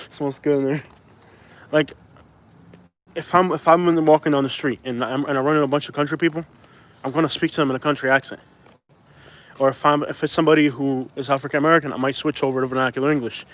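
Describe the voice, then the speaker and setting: Rambling Cuban-born man with a higher voice. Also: steady tone, brisk, pauses often, fairly bright tone. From Cuba. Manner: rambling, filler-heavy, reads out chat comments. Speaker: vlogger, live streamer. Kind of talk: casual live-stream talk. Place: outdoors, walking around a town.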